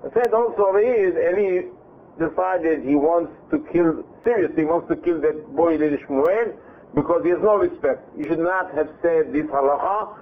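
A man's voice: a little high, moderate pace. Man teaching scripture over a tinny line. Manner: lively retelling with self-repeats and restarts. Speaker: Torah teacher. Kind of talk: Bible class, reading verses and translating. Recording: tinny phone-like line with faint hiss.

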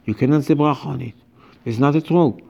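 A man's voice: medium pitch, a little fast, vocal fry, dark tone, lo-fi sound. A man giving an informal religious lecture as a rabbi, speaking emphatically and animatedly in broken English with many repetitions.

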